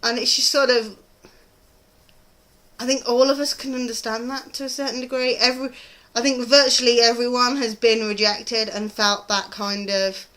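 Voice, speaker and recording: Bright-voiced British woman gushing about TV. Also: a little high, little pitch movement, moderate pace. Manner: gushing, rambling, frequent ums. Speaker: TV review vlogger. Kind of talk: casual chatty TV review.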